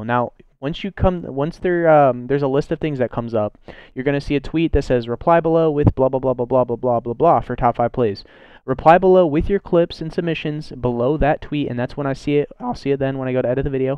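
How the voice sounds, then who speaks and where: A man's voice: medium pitch, a little fast, clean tone, dry recording, muffled recording. A young man hosting a gaming video, giving an upbeat, rambling intro and instructions. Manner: upbeat, rambling how-to chatter. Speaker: gaming YouTuber host.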